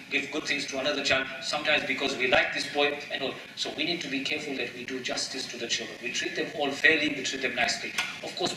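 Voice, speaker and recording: A man's voice: mid-range voice, background noise. A man preaching in a mosque, emphatic, asking rhetorical questions and repeating key phrases, with Arabic terms mixed in. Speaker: imam giving a mosque talk. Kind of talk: sermon. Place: mosque prayer hall. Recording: echoey hall, voice from a distance.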